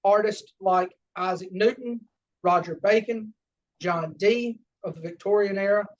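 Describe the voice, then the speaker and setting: Halting Southern man lecturing from afar. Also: high-pitched. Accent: Southern American. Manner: halting, many fillers and self-corrections. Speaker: lodge education lecturer. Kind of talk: unscripted lecture with slides. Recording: distant, dull lo-fi room recording.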